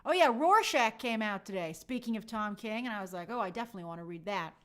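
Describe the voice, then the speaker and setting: Chatty young woman with lively pitch. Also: fast talker. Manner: chatty, sarcastic, reads viewer comments aloud. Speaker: host answering live chat. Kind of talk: casual livestream chat.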